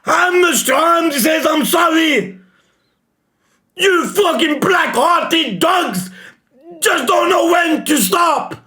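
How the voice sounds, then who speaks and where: A man reacting live to a manga chapter, emotional and shouting, swearing often. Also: very high-pitched, animated, takes it slowly. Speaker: reaction streamer.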